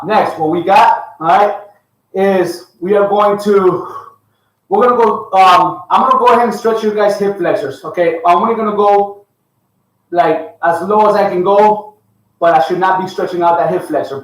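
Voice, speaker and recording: A fitness coach leading a live workout, counting reps aloud and giving upbeat cues. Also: male voice, sits high. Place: home workout space with a dog. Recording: echoey room, far from the mic.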